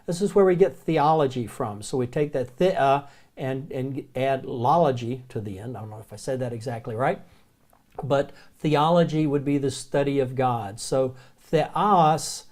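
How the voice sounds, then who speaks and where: A man with a Southern American accent teaching the Greek alphabet in a relaxed, chatty way, slowly repeating each word. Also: medium pitch. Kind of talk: recorded classroom lecture.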